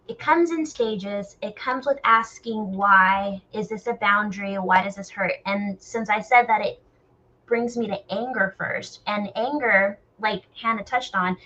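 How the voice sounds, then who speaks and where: A woman in a candid group discussion, talking bluntly and animatedly and questioning herself out loud. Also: a little high, highs cut off.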